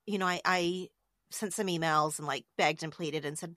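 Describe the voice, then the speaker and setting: A woman's voice: on the low side, moderate pace, sharp tone, dry recording, studio quality. A middle-aged woman in a casual conversation, talking openly and with emotion, often restarting her sentences. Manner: candid, emotional, with many restarts. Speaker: podcast host being interviewed.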